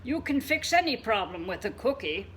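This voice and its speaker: A know-it-all beaver from a picture book announces fixes in a brisk, assured tone, as a woman reading aloud puts it on. The voice is high and bouncy. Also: sing-song, a little hiss or hum. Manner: matter-of-fact, brisk. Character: confident, bossy beaver with answers.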